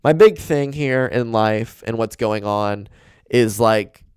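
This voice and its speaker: Young male podcast host, dry close mic, excitable and profane. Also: on the low side, slow, clear, resonant tone, no room sound. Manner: rambling, swears a lot, excitable. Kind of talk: casual solo chat. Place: home room with dog and carpet. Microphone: desk mic and camera.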